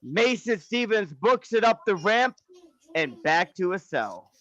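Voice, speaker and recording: A man calling wrestling play-by-play in a relaxed, slangy, joking way. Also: high voice, a little slow, lo-fi sound. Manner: laid-back, slangy, joking. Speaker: wrestling commentator and host. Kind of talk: reading wrestling play-by-play, casual banter.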